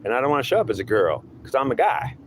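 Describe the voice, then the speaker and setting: A man's voice: mid-range voice, big pitch swings, quick pace, slight background noise, voice pushed up, natural voice. A man playing a taunting devil god. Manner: taunting, threatening, calls listener boy. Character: menacing male devil claiming to be god. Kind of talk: improvised two-voice monologue.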